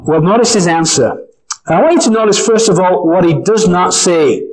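A man preaching a sermon, earnest and emphatic, slowing down to stress key phrases. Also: sits high, lively intonation, rough recording.

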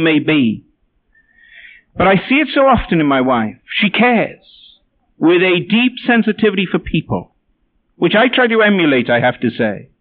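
Male preacher with a high voice, wry and self-mocking as he tells his stories, captured on a narrow, phone-like line. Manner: wry, self-deprecating storytelling. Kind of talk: sermon with personal anecdotes. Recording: tinny phone-like sound.

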